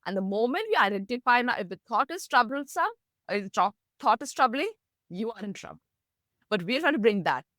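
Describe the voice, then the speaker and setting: A woman, a meditation teacher, explaining mindfulness through gentle stories in an interview. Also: a little fast, no echo, clean studio sound. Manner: gentle storytelling, lively pitch, laughs softly.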